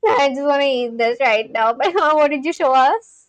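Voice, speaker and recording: A woman livestreaming in a casual chat, gushing excitedly and talking straight to her viewers. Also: high voice, moderate pace, no echo, muffled recording.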